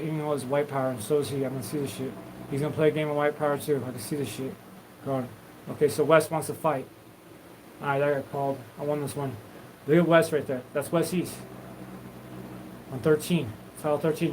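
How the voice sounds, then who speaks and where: A man's voice: fairly high pitch, fairly even intonation, brisk, pauses often, a little hiss or hum, poor audio. A man hosting a live stream, talking in a loose, rambling, profane stream of consciousness. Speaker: livestream host.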